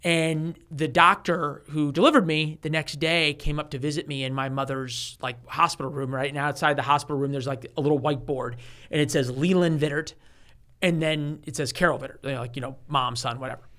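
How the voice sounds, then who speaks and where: This is an author in his forties, interviewed as a guest, telling a story in a fairly quick, somewhat high voice. Animated and prone to starting over, he performs the voices of the people in his quotes.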